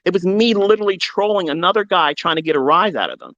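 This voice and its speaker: A man hosting a live online audio chat, ranting heatedly and profanely, swinging between loud outbursts and low mutters. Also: expressive, quick pace. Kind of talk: heated unscripted rant. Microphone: online audio room.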